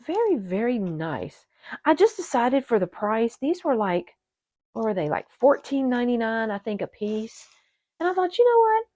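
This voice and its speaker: A woman hosting an orchid channel, chatting to her viewers in a gushing, excitable way while unboxing at a table indoors. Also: a little high, normal speed, no echo. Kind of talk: casual unboxing chat to viewers. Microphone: camera set on the table.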